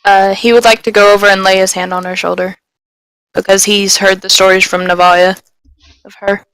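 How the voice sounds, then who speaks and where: Woman player at the table, mid-pitched voice, dry close sound, keeps checking rules. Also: little pitch movement, a bit bright, smooth, no echo, low-quality recording. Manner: asking quick questions of the game master. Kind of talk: casual tabletop play.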